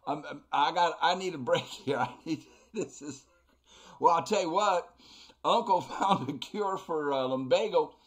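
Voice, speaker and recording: A let's play host with a slightly high voice offers gameplay commentary at a measured pace. He laughs often and stammers through fillers as he plays.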